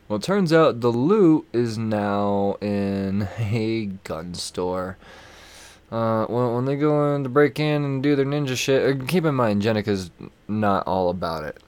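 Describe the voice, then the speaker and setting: A man's voice: medium pitch, no echo. Rambling, profane male comic podcaster. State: over-caffeinated late at night. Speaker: comic book podcast host. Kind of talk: casual review chat.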